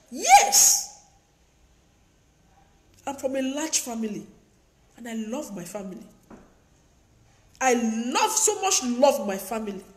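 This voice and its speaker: Woman vlogger, higher voice, emphatic lecturing advice, roomy echo. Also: slight background noise. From Africa. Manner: emphatic and preachy, repeats lines for effect. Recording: echoey room.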